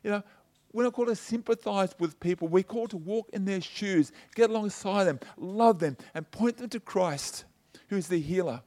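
At normal speed and with a darkish tone, a middle-aged pastor whose voice is strikingly high gives a loose, conversational sermon. Personal anecdotes fill it, and he keeps the congregation engaged with frequent "you know" and "okay?".

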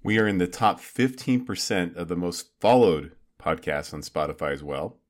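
Very deep-voiced wisecracking co-host. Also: male voice, normal speed. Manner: wisecracking, blunt. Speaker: podcast co-host. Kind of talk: casual chat.

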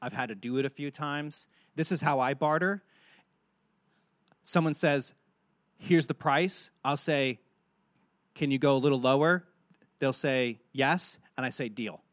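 A man preaching a sermon, telling a Bible story and acting out its dialogue with animated delivery. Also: medium pitch, unhurried, long pauses, no echo, clean studio sound. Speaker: pastor.

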